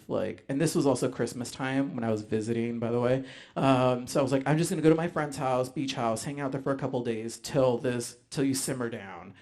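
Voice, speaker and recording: A man telling a personal story live on stage, animated, acting out voices, with frequent ums. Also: mid-range voice. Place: stage before a live audience.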